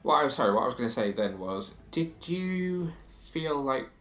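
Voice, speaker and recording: A man's voice: mid-range voice, big pitch swings, moderate pace, a bit bright. Guy co-hosting a chat podcast, opinionated, echoey room with faint music behind. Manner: opinionated, reads quotes aloud. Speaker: podcast co-host. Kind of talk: casual chat.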